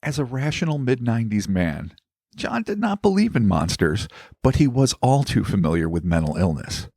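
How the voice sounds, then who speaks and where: A man hosting a podcast, reading out a story in a measured, dramatic narration. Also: medium pitch, sing-song, vocal fry, a little mellow, no echo, studio quality. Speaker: podcast host.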